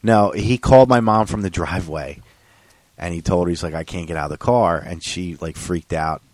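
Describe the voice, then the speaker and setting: A man's voice: low voice, moderate pace, no echo. A man co-hosting a casual podcast, telling a family story with lots of profanity and acted-out quotes. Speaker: podcast co-host.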